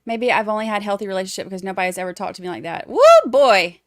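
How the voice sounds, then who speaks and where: Woman, livestream host, casual chat, snarky, laughs often, mid-pitched, dry close mic. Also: very fast, no echo. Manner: snarky, chatty, laughs easily.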